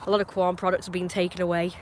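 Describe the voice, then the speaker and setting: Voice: medium pitch, flat delivery, racing, a little hiss or hum. A live streamer with an English accent, talking in a meandering, opinionated way with frequent restarts and asides. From England. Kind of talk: rambling casual chat on a live stream.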